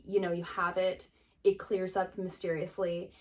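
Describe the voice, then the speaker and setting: A woman's voice: fairly low pitch, moderate pace. Chatty woman vlogger retelling a story. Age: 30s. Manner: animated retelling with quoted dialogue. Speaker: beauty vlogger and esthetician. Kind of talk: casual storytelling to camera.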